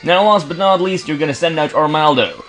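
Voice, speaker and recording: A man's voice: fairly high pitch, brisk, fairly bright tone, faint music behind. A man casually commentating his gameplay, stuttering and restarting words often, with joking, sarcastic asides. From Belgium. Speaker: let's play commentator.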